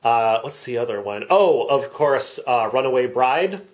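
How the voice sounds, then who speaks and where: A man with an average-pitched voice explains absurd film details as if they were obvious. His delivery is calm and matter-of-fact, with frequent ums. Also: measured pace. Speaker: comedic fake commentary speaker. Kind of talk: deadpan parody commentary track.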